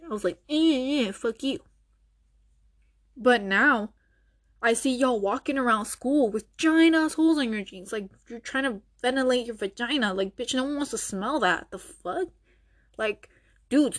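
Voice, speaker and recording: Slightly high and a bit bright, the voice belongs to a young woman hosting her own podcast. She rants casually, and her monologue is blunt, sarcastic and full of profanity.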